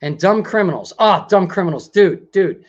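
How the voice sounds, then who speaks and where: A man with a fairly high voice hosts a casual talk show, speaking expressively at normal speed as he rambles and frequently bursts into laughter. The audio is slightly dull and lo-fi.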